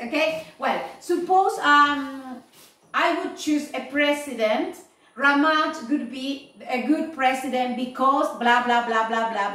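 Slow, high-voiced teacher in an echoey room. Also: female voice, sharp tone, distant mic. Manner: slow, repeating "yes?" and "okay?" to check understanding. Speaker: English teacher. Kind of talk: online class feedback.

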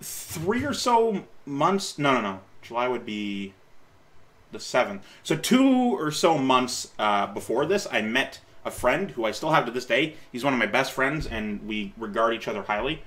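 A man in his late twenties talks casually at a medium pitch, rambling and correcting himself mid-sentence. He laughs at himself and offers gentle encouragement as he reacts. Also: big pitch swings, moderate pace. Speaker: YouTuber reacting to his old video.

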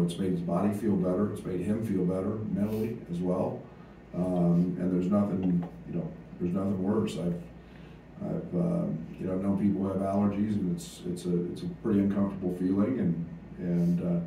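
A low, very dark-toned man speaks as a head basketball coach at a press conference, halting often with fillers and restarts. He sounds distant from the mic in a very echoey room with a faint hiss.

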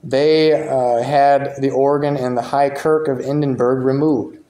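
Man, mid-pitched voice, casual church lecture, reads quotes aloud, echoey room. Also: fairly even intonation, a little slow, dark tone. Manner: informal, reads quotations aloud and comments on them. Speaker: church teacher. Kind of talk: conversational Bible class lecture. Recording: roomy echo.

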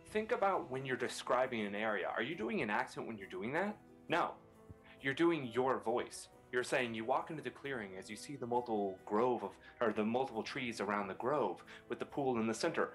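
A man's voice: mid-range voice, a bit bright. Earnest man explaining, faint music behind. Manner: earnest, explanatory, rhetorical questions. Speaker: panel guest, voice actor. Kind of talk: advice-giving panel talk.

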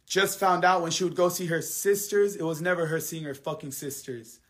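A man's voice: a little high, steady tone, moderate pace. Angry man ranting on a livestream. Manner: angry, heavily profane venting; repetitive, drops quiet then heats up. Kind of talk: live stream rant to viewers.

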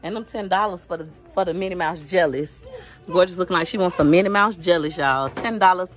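A woman's voice: on the low side, fairly quick. A woman films herself shopping in a store and talks straight to her viewers. Her voice is chatty and easygoing, picked up by a handheld phone. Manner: chatty, addresses viewers directly. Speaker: vlogger. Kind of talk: casual shopping vlog.

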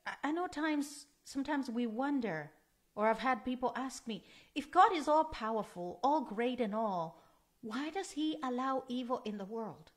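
A woman with a slightly high voice preaches a sermon. She speaks in an earnest, emphatic way and repeats key phrases for stress. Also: expressive, moderate pace.

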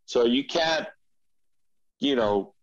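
A man who is a podcast guest, telling a personal story in a relaxed interview with frequent restarts and repeats. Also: mid-range voice, slow pace, dull audio. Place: studio.

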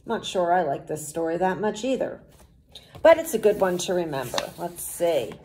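A woman teacher reading a storybook aloud to children, pausing to explain the pictures and words in a patient way. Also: fairly low pitch, lively intonation, a little mellow.

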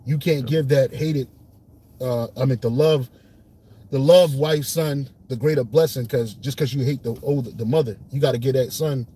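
Husky man teaching scripture casually. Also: medium pitch, normal speed. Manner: casual streetwise speech, lively when retelling scenes. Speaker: Bible teacher. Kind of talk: informal Bible study teaching.

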